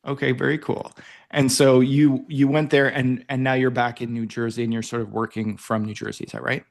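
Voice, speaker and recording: A man's voice: medium pitch, level tone, fairly quick, gravelly. Chatty man from Canada hosting. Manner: upbeat, chatty, with filler restarts. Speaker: podcast host. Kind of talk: casual interview chat.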